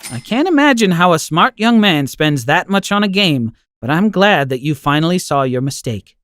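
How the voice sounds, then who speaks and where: A man doing a sweet high old granny. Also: very animated, normal speed, fairly bright tone, smooth, no echo. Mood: tender. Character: kindly old grandmother, gentle and forgiving.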